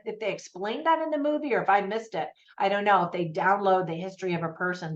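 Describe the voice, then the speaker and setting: An American woman talks through a movie review in a relaxed, conversational way, wandering into little asides as she goes. Her voice sits at an ordinary middle pitch. The recording sounds a bit dull and lo-fi. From United States. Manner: chatty and conversational, with frequent fillers and asides. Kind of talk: casual spoken movie review.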